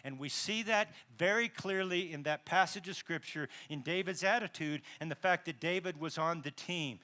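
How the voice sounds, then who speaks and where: A man's voice: a little high, a little slow, hardly any pauses, pushed and bright. A male pastor preaching a sermon in a conversational way, with asides, self-corrections and dramatized quotes. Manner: dramatizes quotes with rising emphasis.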